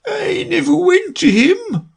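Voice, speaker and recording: A man voicing the Mock Turtle as a sobbing, melancholy old creature in a storybook reading, with a slow, high, tearful wail. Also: very animated, creaky, full character voice.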